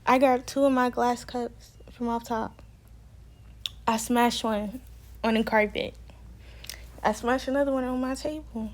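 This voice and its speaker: Young adult woman vlogger, fairly high voice, heated and profane storytelling. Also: fairly even intonation, measured pace, long pauses, a little mellow. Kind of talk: storytime vlog.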